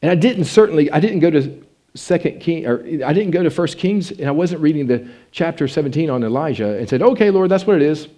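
Guy preaching a sermon, lively up and down delivery, warm mellow tone. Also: brisk. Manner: animated, rising to passionate pleading then dropping low. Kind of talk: sermon with personal testimony.

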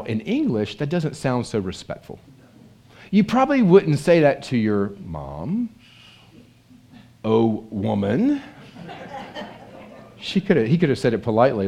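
A man preaching a sermon in a conversational way, often asking his listeners questions. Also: medium pitch. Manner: animated, conversational, asks the audience questions.

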